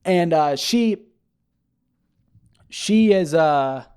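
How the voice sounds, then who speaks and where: A man talking casually on his own, retelling a TV episode in a rambling, animated way with many fillers and restarts. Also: a little high, very slow, clear, resonant tone. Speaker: podcast host. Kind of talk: casual solo recap chat.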